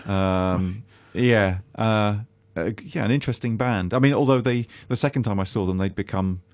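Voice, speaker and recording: A man's voice: lowish voice, normal speed, no room sound. A man, a guest on a radio show, talking casually in a rambling, hesitant way with many restarts.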